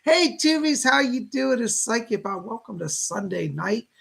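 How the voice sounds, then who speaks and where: A man in his fifties hosting a casual psychic livestream, chatting warmly with viewers and greeting them by name. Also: extremely high pitch, very animated, moderate pace, vocal fry, breathy edge. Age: 50s.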